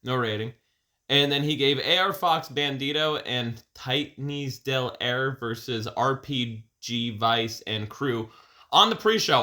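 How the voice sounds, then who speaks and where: A man hosts a casual podcast chat with a bright, forceful voice. He rambles, swears freely and often restarts mid-sentence. His pitch sits in the middle of the range. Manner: profane, rambling, frequent restarts. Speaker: podcast host.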